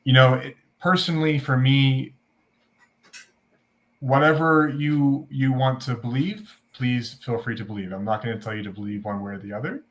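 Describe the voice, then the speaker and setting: A man co-hosting a casual faith discussion podcast, earnest and halting, with many restarts. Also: mid-range voice, steady tone. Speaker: podcast co-host.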